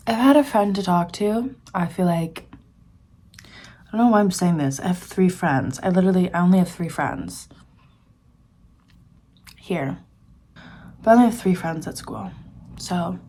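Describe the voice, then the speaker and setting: Early-20s woman, low husky voice, chatty confessional vlogger who drifts into hushed asides. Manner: chatty and confiding, often dropping to a soft near-whisper. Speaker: student vlogger. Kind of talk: casual rambling vlog chat.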